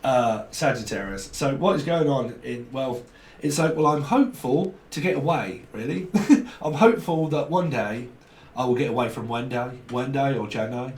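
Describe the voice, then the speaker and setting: Here a man from Britain gives a loose, meandering tarot reading in a medium-pitched, expressive, slightly mellow voice at ordinary speed. He jokes constantly, laughs often, and slips into slang and put-on voices. It's recorded in an echoey space on a distant mic with a faint hiss of noise.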